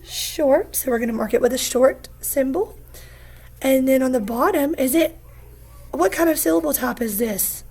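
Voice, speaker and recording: A woman teacher giving a phonics lesson, patient and encouraging, repeating each word slowly for young students. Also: high-pitched, darkish tone, husky. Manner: slow, patient, encouraging, repeats words aloud.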